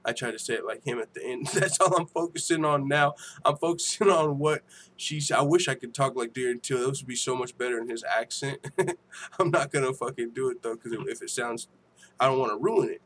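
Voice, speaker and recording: A man hosting a casual livestream, reading viewer comments aloud with profane, laughing, animated banter. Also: mid-range voice, fairly quick, a little hiss or hum. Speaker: MMA show host.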